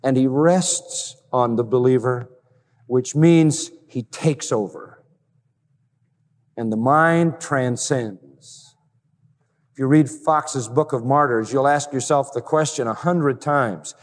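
A man preaching a sermon in an earnest, measured way, with slow emphatic pauses. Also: mid-range voice. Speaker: pastor. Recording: hall reverb with faint music.

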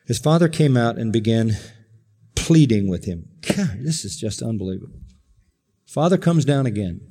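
A man preaching a sermon with emphatic, dramatic delivery, swinging between loud declarations and hushed asides. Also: medium pitch, lively intonation, moderate pace, slightly rough. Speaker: pastor. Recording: long hall reverb.

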